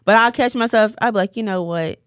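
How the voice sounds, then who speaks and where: A young adult woman co-hosting a faith podcast, telling family stories in a lively way and acting out dialogue. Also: medium pitch, fairly quick, no room sound, clean studio sound. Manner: animated storyteller, acts out dialogue. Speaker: podcast co-host. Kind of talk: casual faith and parenting chat.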